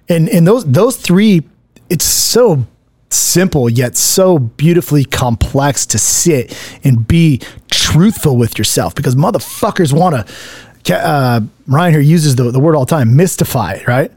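A man's voice: a little high, lively intonation, moderate pace, darkish tone, dry recording. A man co-hosting a podcast, giving blunt, profane, emphatic coaching advice to husbands. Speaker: podcast co-host, men's coach. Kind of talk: casual motivational podcast talk.

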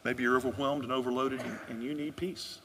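A man's voice: mid-range voice, fairly even intonation, a little fast, fairly bright tone, big-room sound, a little hiss or hum. A male pastor preaching a sermon, telling a story in an earnest way and asking the congregation questions.

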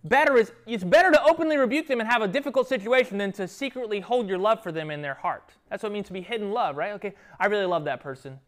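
Animated man teaching a Bible lesson. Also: sits high, fast talker, few pauses. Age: adult with children. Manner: animated, keeps checking in with "right?" and "okay?". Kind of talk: interactive Bible lesson to a youth group.

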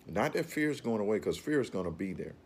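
A man with a very low, deep voice gives an informal motivational talk. He speaks earnestly and rambles, often repeating his words as he works toward a point. Faint room ambience sits behind him. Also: sing-song, quick pace, a little hiss or hum.

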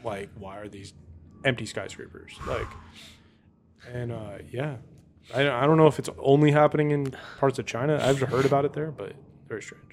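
A man's voice: medium pitch, normal speed, a little hiss or hum. Man, podcast co-host, casual chat, rambling, thinking aloud.

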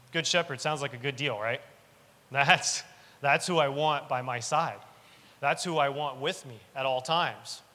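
A man delivers an earnest sermon, restating each key line for weight. His voice sits a bit high and sounds bright and forceful. It carries in a church hall with a long reverb tail. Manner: earnest, repeats key lines for emphasis. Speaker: preacher.

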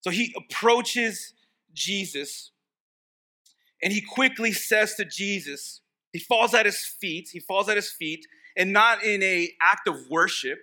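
A man's voice: high voice, slow, sharp tone. A man preaching a sermon as pastor, asking the congregation rhetorical questions and acting out the pleas of demons in a casual voice.

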